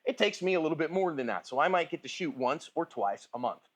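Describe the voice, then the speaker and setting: A man's voice: fairly high pitch, expressive, fast talker. A man giving casual firearms instruction at a shooting range, talking informally and checking in with his listener. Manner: chatty, informal, asks "right?" and "okay?" often.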